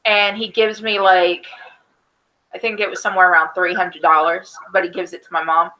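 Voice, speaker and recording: A woman in her thirties telling a personal story on a casual podcast, lively and full of voiced quotes. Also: fairly low pitch, normal speed, rough recording. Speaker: podcast co-host.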